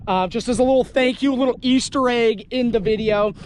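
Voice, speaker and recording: A man hosting a fishing vlog, talking casually while he cleans and cooks fish, hoarse as he loses his voice. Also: extremely high pitch, fairly quick, slight background noise. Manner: chatty, exclaims often. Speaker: fishing channel host. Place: outdoors on a boat.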